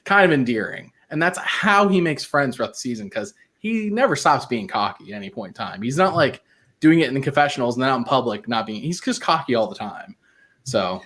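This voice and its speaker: A man's voice: medium pitch, big pitch swings, brisk, a bit bright. A man talks on a casual podcast, chatty and laughing easily. His voice rises and falls a great deal. He sounds loose and unscripted. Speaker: podcast co-host.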